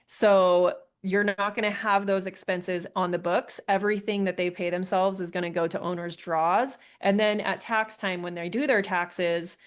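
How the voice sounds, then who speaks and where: A woman's voice: fairly low pitch, steady tone, normal speed, few pauses. Chatty woman hosting a live Q&A. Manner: casual, chatty, laughs often. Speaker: host answering questions. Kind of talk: live Q&A session.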